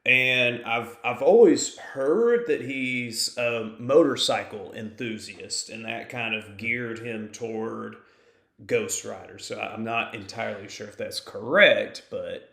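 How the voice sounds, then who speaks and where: A man with a low, gravelly voice that still has a bright, sharp edge, co-hosting a movie podcast. He talks in a relaxed way and drops dry jokes. The sound is echoey, as if recorded in a bare room. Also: takes it slowly. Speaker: podcast co-host. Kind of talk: casual movie podcast chat.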